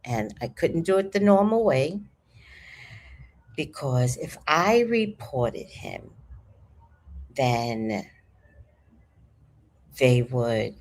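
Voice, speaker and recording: A woman in her fifties telling a story to her viewers in an animated, chatty way, swearing freely. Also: very deep voice, drawn-out words, pauses often. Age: 50s. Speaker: vlogger. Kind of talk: casual storytelling to camera.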